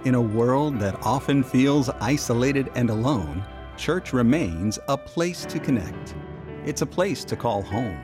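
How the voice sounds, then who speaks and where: Calm male announcer over music. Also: mid-range voice, measured pace. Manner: calm, welcoming announcer delivery. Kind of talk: scripted narration.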